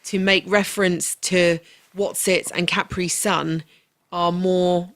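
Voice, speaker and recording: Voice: medium pitch, flat delivery, takes it slowly, fairly bright tone, no room sound. A podcast co-host chatting casually and hesitantly. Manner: hesitant, reluctant. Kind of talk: casual chat.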